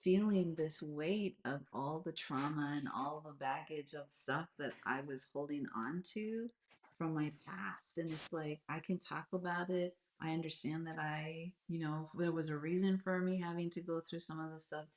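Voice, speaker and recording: Low-voiced woman in her forties, rambling. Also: normal speed, roomy sound, a little hiss or hum. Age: 40s. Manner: animated, rambling, lots of fillers. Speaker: host. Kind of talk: casual video call chat. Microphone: video call.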